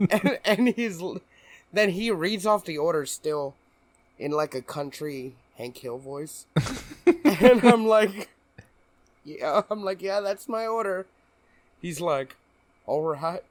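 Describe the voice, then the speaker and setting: A man's voice: high-pitched, animated, slow, pauses often, no echo. Guy cohosting a podcast, keeps laughing thru his story, dry close mic. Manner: laughs often while telling a story. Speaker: podcast co-host. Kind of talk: casual chat.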